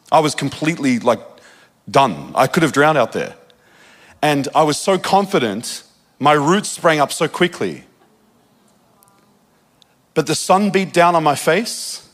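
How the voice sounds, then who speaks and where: A man from Australia with an Australian accent, preaching a sermon and telling a personal story with quick asides and laughter at himself. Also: a little high, a bit bright.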